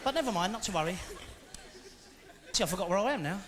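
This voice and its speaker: A man's voice: high voice, animated, fast talker. A man performing a live stand-up routine on a large theatre stage, bantering cheekily with the audience. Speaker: stand-up comedian. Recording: live theatre recording, echoey hall, loud crowd and noise. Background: audience laughing.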